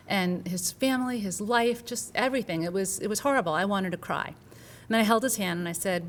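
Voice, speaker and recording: A woman's voice: mid-range voice, normal speed, few pauses, a bit bright, a little hiss or hum. A middle-aged woman, a physician, earnestly telling an audience about a patient and acting out the dialogue. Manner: earnest storytelling with quoted dialogue. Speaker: physician speaker.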